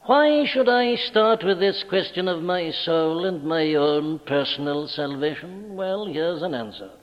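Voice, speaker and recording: Emphatic high-pitched preacher in a hall. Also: male voice, animated, measured pace. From Wales. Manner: emphatic, rising to forceful declarations. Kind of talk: sermon. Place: church. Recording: dull archival recording in a large reverberant church.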